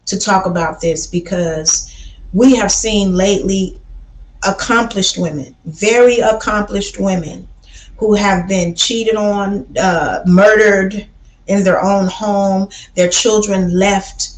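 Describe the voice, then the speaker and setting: Woman from Chicago, livestream host, blunt and preachy, mid pitch, roomy echo. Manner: blunt, preachy, says baby a lot. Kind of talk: casual livestream talk.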